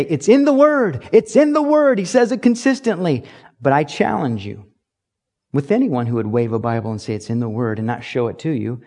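A male pastor with a mellow, medium-pitched voice delivers a conversational sermon. He repeats key phrases to emphasize them.

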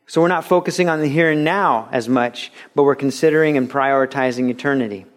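A man's voice: medium pitch, fairly quick. A man preaching a sermon as pastor, telling stories and acting out quotes. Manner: animated storytelling with acted-out quotes. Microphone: radio broadcast of a recorded sermon.

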